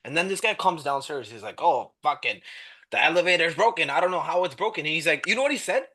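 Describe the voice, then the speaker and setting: An excitable young man tells stories in a casual podcast chat, his voice bright and sharp-edged and sitting a little high. He swears freely and jumps into acted-out quotes. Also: fast talker. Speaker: podcast guest.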